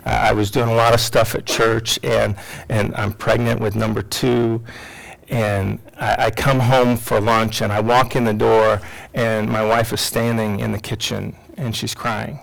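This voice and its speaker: A middle-aged man, a psychologist and teacher, telling an emotional personal story to an audience, swinging from loud to hushed. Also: on the low side, flat delivery, unhurried, vocal fry, rough recording.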